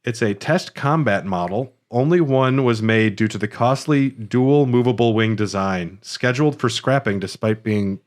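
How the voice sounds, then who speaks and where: A man's voice: mid-range voice, normal speed, hardly any pauses. A man co-hosting a podcast, casually recapping a video game and laughing easily. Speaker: podcast co-host.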